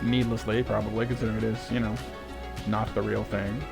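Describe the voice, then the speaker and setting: A man's voice: lowish voice, level tone, brisk, gravelly. A man giving casual, chatty let's-play commentary, thinking aloud and poking fun at himself. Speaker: gaming YouTuber. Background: game music.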